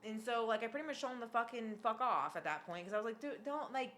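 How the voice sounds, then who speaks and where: A woman's voice: fairly high pitch, quick pace, slight background noise. A woman hosting a podcast, telling a story in casual chat with lots of fillers and free swearing. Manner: animated, swears freely, many fillers. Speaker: podcast host.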